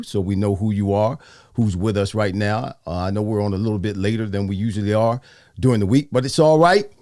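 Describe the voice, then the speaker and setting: An older man hosting a casual interview show, animated and repeating phrases for emphasis. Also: mid-range voice, no echo, studio quality. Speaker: host.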